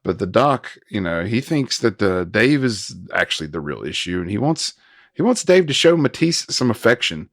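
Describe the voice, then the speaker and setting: A man in his thirties co-hosting a casual film review chat, recapping scenes with quick asides and frequent laughs. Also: lowish voice, sing-song, no room sound, clean studio sound. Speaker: podcast co-host.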